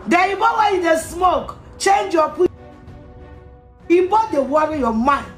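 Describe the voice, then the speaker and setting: A Ghanaian woman with a very high voice delivers a heated rant, hammering her points through repetition and bursts of shouting. She sounds sharp and scolding throughout. Her voice rings in an echoey room with faint music behind it. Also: animated, measured pace. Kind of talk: angry rant to camera.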